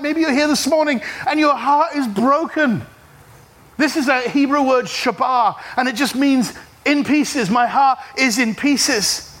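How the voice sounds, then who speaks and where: Animated high-voiced male preacher. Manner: animated preaching with humor and audience call-and-response. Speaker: pastor. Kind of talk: sermon. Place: church service.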